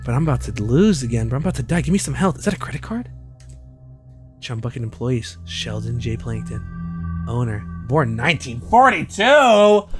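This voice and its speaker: A young man streaming a video game, swearing and joking excitably as he plays. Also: medium pitch, moderate pace. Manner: profane, excitable, jokey. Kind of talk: gaming commentary. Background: game music.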